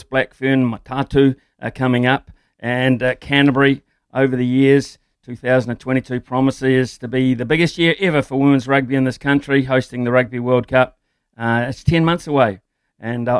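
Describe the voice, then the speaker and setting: A man's voice: medium pitch, clear, resonant tone, dry recording. A man with a New Zealand accent hosting a sports radio show, giving firm opinions and interviewing a guest with plenty of "uh" fillers.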